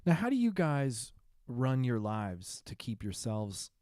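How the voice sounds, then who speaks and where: A man's voice: mid-range voice, big pitch swings, slow, mellow, no echo, studio quality. A man hosting a casual interview, prompting with short reactions and follow-up questions. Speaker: podcast host.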